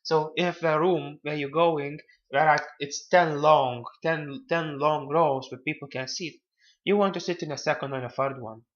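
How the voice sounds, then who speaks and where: A man giving casual self-help advice, talking haltingly and often repeating words. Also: on the high side, steady tone, dull audio.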